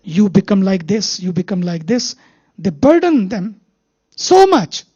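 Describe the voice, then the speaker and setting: A spiritual teacher speaking English with an Indian accent, telling stories and slowing down to stress the main lesson. The voice is husky and close, with a dry sound and no room echo. The recording is dull and lo-fi, like live talk audio. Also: mid-range voice, animated, dark tone. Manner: storytelling, repeats key phrases slowly for emphasis.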